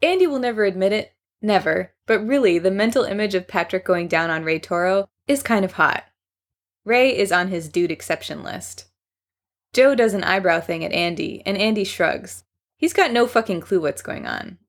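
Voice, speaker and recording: A woman's voice: mid-range voice, lively intonation, moderate pace. A woman reading a fan story aloud in a wry narrating voice. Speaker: story reader.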